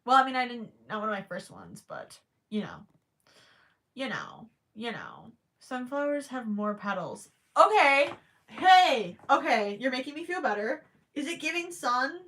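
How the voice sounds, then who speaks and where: A woman's voice: on the high side, very animated, moderate pace, a bit bright. A woman hosting a crochet live stream, chatting casually and thinking aloud with stammering restarts, her voice cracking after hours of talking. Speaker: crochet livestream host.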